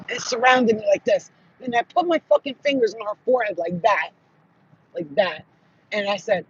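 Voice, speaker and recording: A man telling spiritual stories in casual monologue, profane and animated, acting out what people said. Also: sits high, normal speed, muffled recording, a little hiss or hum. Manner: profane, animated, acts out quotes. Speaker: spiritual channel host.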